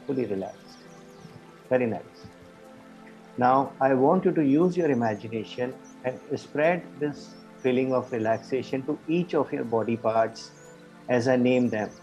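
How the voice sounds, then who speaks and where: A man coaching a group through a guided meditation, giving slow, soothing, repetitive relaxation cues over an online call. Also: mid-range voice, darkish tone, highs cut off. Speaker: life coach leading a guided relaxation session.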